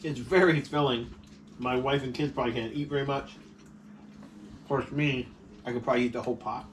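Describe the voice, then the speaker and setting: At a home dining table, a male vlog host runs a playful, chatty mukbang, laughing often. His mid-range voice has fairly even intonation and moves a little fast. It's recorded through a distant camera mic with faint noise in the background.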